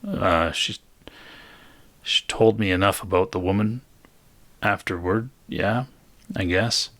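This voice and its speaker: A man running a tabletop game as game master, narrating scenes and asking questions in a relaxed way, laughing easily. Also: deep voice, slow, dry recording.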